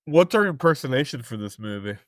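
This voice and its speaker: A man co-hosting a movie podcast who chats casually, with a blunt, teasing and dry manner. His voice sits at a middle pitch and is recorded close in a dead, dry room. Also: sing-song, a little fast, no room sound. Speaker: podcast co-host. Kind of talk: casual chat.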